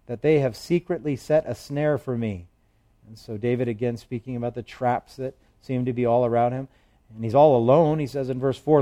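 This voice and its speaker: A male pastor teaching through the Psalms in a relaxed, conversational way, reading verses aloud with emphasis and slipping in light humor. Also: medium pitch, normal speed. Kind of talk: expository Bible teaching.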